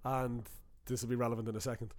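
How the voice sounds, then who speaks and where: A young Dublin man with an Irish accent, co-hosting a podcast and telling a profane, animated anecdote in casual chat. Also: medium pitch, fast talker, no echo, clean studio sound. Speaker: podcast co-host.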